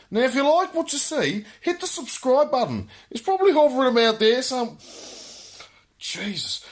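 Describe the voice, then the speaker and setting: Brash Australian man, crude comic rant. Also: very high voice. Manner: brash, boisterous, laughs at his own jokes. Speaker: comedy host answering viewer questions.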